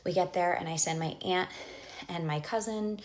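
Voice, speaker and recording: A woman's voice: lowish voice, normal speed. A young woman telling a personal story in casual storytime style, rambling with lots of fillers and restarts, and often dropping to a whisper for asides.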